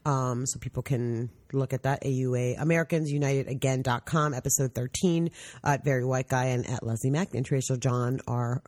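A woman hosting a casual podcast, her voice slightly hoarse from a cold, husky and a little raspy, upbeat and chatty. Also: extremely low pitch, a little fast, darkish tone, no room sound, clean studio sound. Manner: upbeat, chatty, spells things out. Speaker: podcast host.

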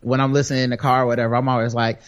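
A man chatting as a podcast guest, animated, joking and slangy. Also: mid-range voice, rapid-fire, clear, resonant tone. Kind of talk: casual podcast banter.

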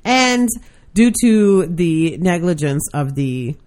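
A woman's voice: on the low side, expressive, takes it slowly, darkish tone. A woman co-hosting a podcast, teasing and blunt, telling a story with plenty of swearing. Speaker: podcast co-host. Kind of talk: casual storytelling chat.

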